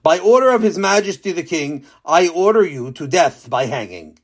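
A man voicing a proud royal knight who declaims proclamations loudly. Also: fairly high pitch, very animated, moderate pace, slightly rough, exaggerated voice. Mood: proclaiming. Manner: loud, declaiming.

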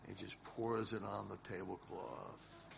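A man giving a sermon as a rabbi, telling a story dramatically and swinging from hushed lines to shouted ones. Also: sits low, a little slow, creaky, slight background noise.

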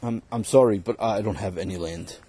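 A man's voice: on the low side, fairly quick, dark tone, breathy edge, voice pushed down. A man voicing an evasive employer who innocently claims he has nothing to pay with. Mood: feigned innocence. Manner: falsely innocent, apologetic.

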